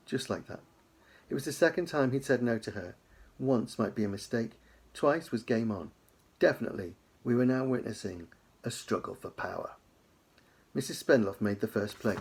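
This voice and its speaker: A man, an author leading a writing lesson, reads a children's book aloud in a relaxed storytelling way with casual asides. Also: mid-range voice, moderate pace, vocal fry, breathy edge.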